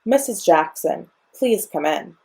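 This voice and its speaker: A woman's voice: on the low side, lively intonation, takes it slowly, creaky, dark tone, breathy edge, heavily acted. A young woman voicing a flustered male doctor in a children's storybook reading, giving firm, exasperated instructions. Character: flustered grown man doctor.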